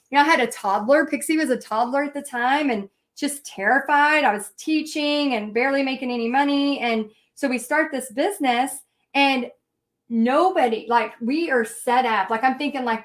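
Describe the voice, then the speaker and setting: A woman teaching a live painting lesson, chatting and telling her story with lots of fillers and restarts. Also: high voice. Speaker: paint party instructor.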